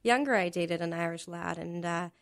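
A woman from Canada, a podcast guest, talking in a quick, teasing way. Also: lowish voice, creaky, no room sound, clean studio sound.

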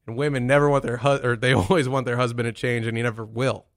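A man's voice: medium pitch, flat delivery, fast, dry recording. Foul-mouthed guy riffing and teasing, dry close mic, plain mid voice. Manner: blunt, profane, teasing. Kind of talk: crude casual banter.

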